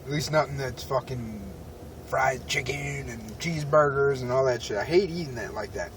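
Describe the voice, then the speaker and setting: A man's voice: medium pitch, normal speed, recorded from a distance, noisy background. A man telling a profane, rambling story in an irritated tone, talking from a parked car. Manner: irritated, swearing, rambling with restarts. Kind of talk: profane ranting story vlog.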